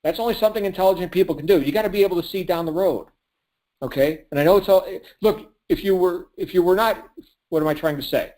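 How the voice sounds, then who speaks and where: A man's voice: high voice, fast talker, a little mellow. A man coaching a call as a motivational sales speaker, punchy and preachy, asking and answering his own questions and laughing often. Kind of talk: motivational call pep talk.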